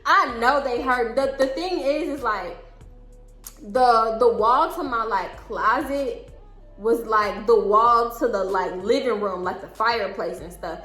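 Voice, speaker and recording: Young woman spilling a storytime, animated and laughing, roomy echo. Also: fairly high pitch, a little slow, faint music behind. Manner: animated, laughing, dramatic re-enactments. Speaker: storytime vlogger. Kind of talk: casual storytelling.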